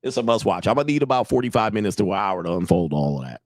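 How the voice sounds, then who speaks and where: Fairly low-pitched and sing-song, this man talks very fast in a livestream where he coaches on dating and relationships. He's blunt and profane, repeats himself, asks viewers to agree, and challenges them to disagree, all in clean studio sound with no room sound.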